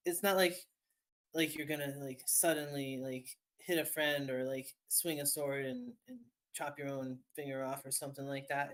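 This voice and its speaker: Woman game master, low-ish voice, rambling narration. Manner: rambling, lots of fillers and restarts.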